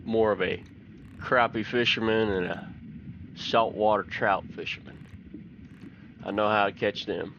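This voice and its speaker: Low-voiced man, bright tone. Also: unhurried, vocal fry, pauses often, dull audio, a little hiss or hum. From Texas. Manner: folksy, chatty, excited when fish bite. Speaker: gaming channel host. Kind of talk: relaxed game commentary with fishing stories.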